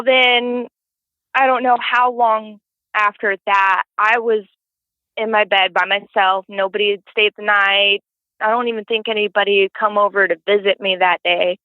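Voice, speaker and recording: A woman's voice: mid-range voice, steady tone, moderate pace, dry recording. Woman on a tinny phone line. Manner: rambling, heavy use of "like" fillers. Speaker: guest caller telling a paranormal story. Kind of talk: casual storytelling over the phone.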